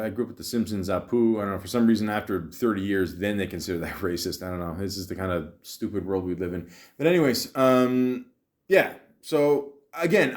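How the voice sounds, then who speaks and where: Profane rambling male podcast host. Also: mid-range voice. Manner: profane, rambling, jokey, many fillers and restarts. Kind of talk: casual storytelling monologue.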